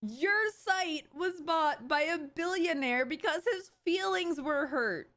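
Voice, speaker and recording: A woman's voice: high voice, animated, slow pace, fairly bright tone. A woman streamer giving live reaction commentary, ranting sarcastically with lots of fillers and restarts. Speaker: streamer host.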